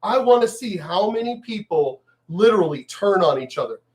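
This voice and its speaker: In a profane political rant vlog, a man from El Paso, Texas angrily mocks the news with emphatic delivery. His voice is high-pitched and very animated, at a moderate pace.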